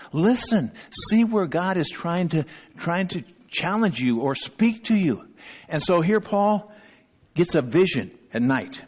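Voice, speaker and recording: A man's voice: high-pitched, very animated, a little slow, darkish tone, in a large hall. A male pastor preaching a sermon, emphatic, often checking in with his listeners and repeating key phrases. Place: church sanctuary.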